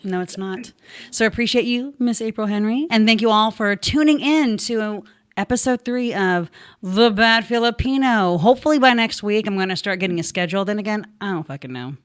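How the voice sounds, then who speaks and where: A woman's voice: mid-range voice, brisk, no room sound, studio quality. A woman hosting a casual podcast interview, bubbly and effusive, laughing often. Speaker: podcast host.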